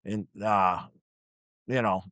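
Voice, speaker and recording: A man's voice: fairly low pitch, fairly even intonation, slow pace, fairly bright tone, dry recording, studio quality. A man, a union truck driver from New York, telling blunt, profane work stories in casual podcast chat.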